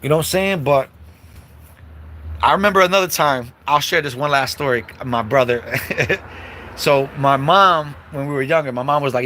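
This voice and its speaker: A man hosting a livestream, telling a childhood story in a casual, animated way and acting out the quotes, with many asides to the listeners. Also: on the high side, moderate pace, a little hiss or hum. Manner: animated storyteller, acts out quotes, many "you know what I'm saying" asides. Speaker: host. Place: livestream setup.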